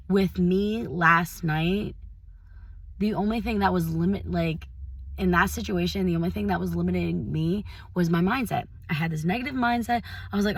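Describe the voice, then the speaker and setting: A young woman giving a casual motivational talk, chatty and full of fillers, swinging between loud hype and soft mutters. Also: medium pitch, unhurried, gravelly, no room sound. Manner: chatty, lots of "like" fillers and self-quoting. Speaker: motivational vlogger.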